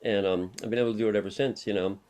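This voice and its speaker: A man's voice: fairly low pitch, fairly even intonation, racing, darkish tone. Middle-aged man, interview guest, rambling anecdotal storyteller, laughs often, casual chat. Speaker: interview guest, harm reduction worker.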